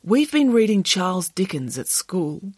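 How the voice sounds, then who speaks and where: A woman's voice: fairly low pitch, very animated, a little slow, a little mellow, breathy edge, dry recording, clean studio sound, exaggerated voice. A woman voicing a clever, earnest young boy in a storybook reading, eager in tone.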